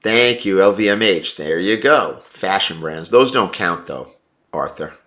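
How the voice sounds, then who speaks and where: Blunt low-voiced man chatting on a livestream. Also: lively intonation, unhurried, a bit bright. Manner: blunt, opinionated, calls viewers brother. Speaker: livestream host. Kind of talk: casual livestream chat reading comments.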